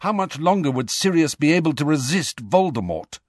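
A man narrating a fantasy novel chapter with an expressive, dramatic reading. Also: fairly high pitch, normal speed, no echo, clean studio sound. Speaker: audiobook narrator. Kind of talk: scripted storybook narration.

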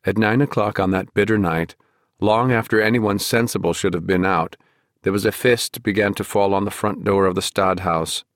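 A man with a very low, deep voice reads a novel aloud in an unhurried, measured way. The sound is close and dry, with no room around it. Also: steady tone, no room sound. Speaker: audiobook narrator. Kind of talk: scripted narration.

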